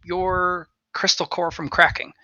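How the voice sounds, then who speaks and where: Guy game master narrating, super bright sharp voice, dry close mic, laughs and swears a lot. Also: sits high, flat delivery, unhurried, no echo, lo-fi sound. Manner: laughing, swearing, dramatic asides.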